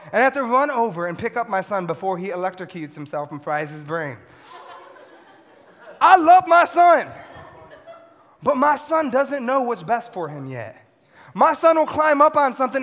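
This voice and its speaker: A young man with a high, bright voice preaches to teenagers. He swings from loud shouts to hushed asides in a large hall, and long reverb trails every line. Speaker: youth pastor. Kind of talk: sermon to a youth audience.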